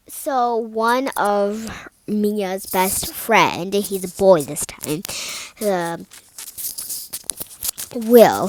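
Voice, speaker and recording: Slow, rambling young female storyteller. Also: medium pitch, darkish tone, a little hiss or hum, rough recording. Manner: rambling, many fillers and restarts. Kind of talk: casual improvised storytelling.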